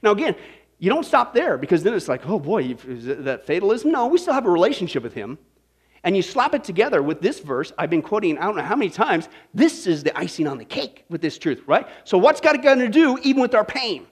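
A man preaching a sermon as a Bible study teacher, folksy and animated, constantly firing rhetorical questions at his congregation. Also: high-pitched, fairly quick, husky.

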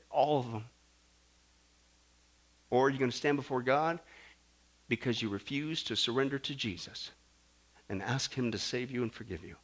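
A man preaching a sermon, animated and jokey, acting out stories and swinging between loud and soft. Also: medium pitch, moderate pace, long pauses. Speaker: pastor.

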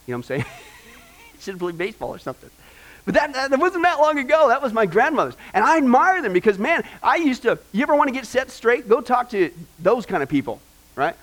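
A male pastor preaching a sermon, telling family stories in an animated way with many "uh" fillers. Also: sits high, a little fast.

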